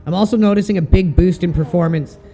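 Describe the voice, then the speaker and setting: A man's voice: sits high, fast, warm tone, a little hiss or hum. A man chatting casually and swearing now and then while commenting on his sim racing stream. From Canada.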